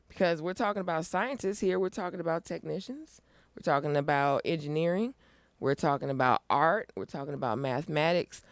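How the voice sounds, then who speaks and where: A middle-aged woman chats as an interview guest, upbeat and emphatic, with a lot of push behind her points. Her voice is smooth and clean, and the sound is dry and close with no room around it. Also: low voice, no echo. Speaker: guest, nonprofit founder. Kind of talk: casual interview chat.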